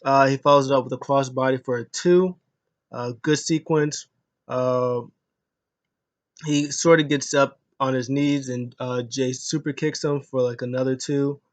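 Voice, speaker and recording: A man's voice: mid-range voice, steady tone, measured pace. Casual man recapping a wrestling match. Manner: loose, rambling, frequent uh fillers and restarts. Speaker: wrestling show reviewer.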